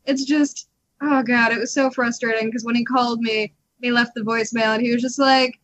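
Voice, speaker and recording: A woman co-hosting a podcast, telling a story in lively casual chat, laughing often and acting out what people said. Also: a little high, a little fast. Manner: animated, laughs often, acts out quotes. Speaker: podcast co-host. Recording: dull lo-fi podcast audio.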